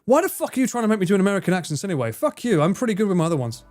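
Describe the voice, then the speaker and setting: A man's voice: sits high, sing-song, racing, darkish tone, soft background music. A male streamer chatting casually with his viewers, joking, swearing and trying out accents. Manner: profane, jokey, tries out accents.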